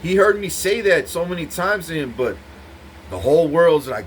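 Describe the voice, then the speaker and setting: A man's voice: fairly high pitch, sing-song, normal speed, slight background noise. A man giving an intense, profane, rambling monologue to the camera, repeating himself as he goes. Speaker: vlogger speaking to camera.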